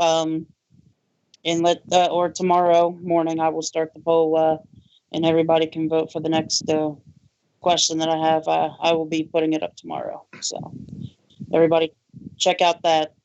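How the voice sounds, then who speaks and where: A man's voice: a little high, fairly even intonation, normal speed, a little mellow, dull audio, slight background noise. A man co-hosting a podcast, earnest and hesitant with lots of fillers, from the Baltimore area. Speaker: podcast co-host. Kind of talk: casual chat.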